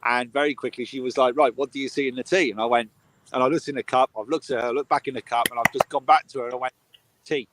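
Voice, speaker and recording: A man's voice: mid-range voice, steady tone, quick pace, noisy background. A man, a medium, telling a funny family story in casual chat on a live video call. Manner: chatty, laughs at his own stories. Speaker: medium, co-host.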